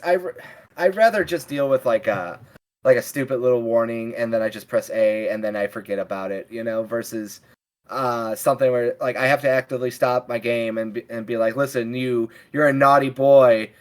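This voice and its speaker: A man's voice: medium pitch, brisk. A man hosting a casual podcast, easygoing and rambling, circling back through his thoughts before landing a point. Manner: rambling, many fillers and restarts, easygoing. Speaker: podcast host.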